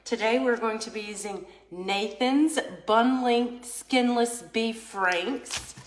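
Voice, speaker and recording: A woman's voice: on the high side, takes it slowly, roomy sound. A woman vlogging a casual product test, chatty and rambling, joking aside to her viewers. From United States. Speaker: vlogger product testing a vintage cooker.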